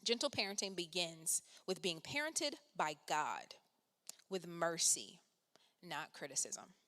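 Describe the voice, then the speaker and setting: A woman minister giving a gentle devotional talk and closing prayer, soft-spoken and unhurried. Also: lowish voice, expressive. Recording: long hall reverb.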